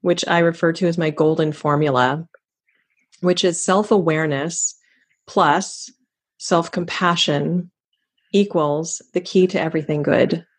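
A woman hosting a podcast, speaking in a thoughtful, affirming and measured way. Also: on the low side, steady tone, husky. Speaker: podcast host. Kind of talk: reflective interview chat.

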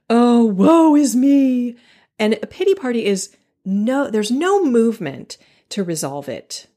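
A woman hosting her own podcast, talking candidly and thoughtfully, pausing to restart and laughing at herself now and then. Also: mid-range voice, darkish tone. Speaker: podcast host. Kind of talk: reflective solo podcast talk.

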